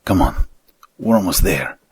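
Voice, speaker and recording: A man's voice: low voice, lively intonation, fairly quick, darkish tone, husky, dry recording, heavily acted. A man voicing a young thief who urges his partner on in a storybook reading. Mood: urgent.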